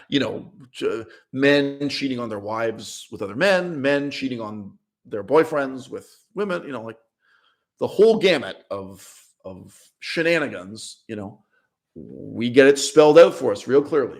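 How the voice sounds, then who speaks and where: A man's voice: mid-range voice, lively intonation, measured pace. A man hosting a language channel, giving a blunt, opinionated livestream monologue and laughing between points. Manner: emphatic, blunt, laughs mid-sentence, repeats words. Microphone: streaming setup mic.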